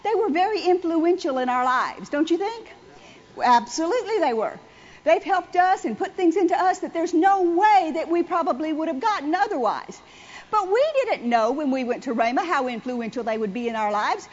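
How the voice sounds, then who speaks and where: A woman delivers a sermon in a conversational, repetitive way, driving her points home. Her voice sits high. The recording is dull and lo-fi. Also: animated, moderate pace. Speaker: church speaker.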